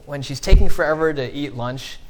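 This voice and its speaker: A man in his thirties preaching a conversational sermon, acting out quotes with lively sarcasm. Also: on the high side, fairly quick. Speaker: pastor.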